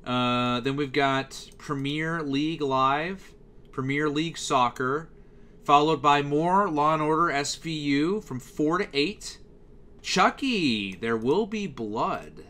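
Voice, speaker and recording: Animated bright-voiced young man ranting. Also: on the high side, slow pace. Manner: animated, exasperated, frequent fillers and restarts. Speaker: youtuber reviewing TV schedules. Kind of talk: casual ranting commentary.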